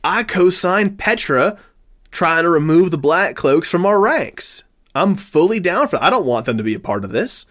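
A man narrating as game master of a tabletop role-playing game and voicing its characters, quick and conversational. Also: high-pitched, big pitch swings, fairly bright tone. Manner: quick, conversational, with restarts and laughs.

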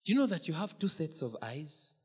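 A preacher giving a sermon in a husky voice that rises and falls with wide swings of pitch. The sermon is delivered with rhetorical questions and playful asides. A long reverb from the hall trails every phrase. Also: fairly quick. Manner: animated, asks the congregation questions, jokes and laughs.

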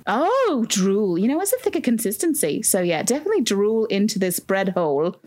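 A woman's voice: mid-range voice, very animated, brisk, darkish tone. A woman improvising a rambling, bumbling castle kidnapper in a comedy scene, chatty and jumping between ideas. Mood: scheming.

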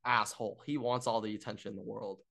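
A man's voice: lowish voice, fairly even intonation, fast, creaky, a bit bright. A young man co-hosting a sports podcast, joking around and often restarting his sentences with fillers. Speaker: podcast co-host. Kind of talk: casual sports chat.

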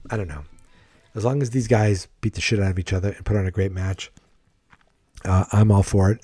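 A man's voice: lowish voice, mellow, no echo. A man giving a rambling, frank solo commentary on wrestling, swearing freely and thinking aloud. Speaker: wrestling podcaster.

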